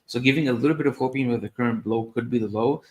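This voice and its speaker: A man talks through chart analysis and price targets in a steady, methodical way. His voice sits at a middle pitch. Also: very fast. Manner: steady explanation, occasional restarts. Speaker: market analyst.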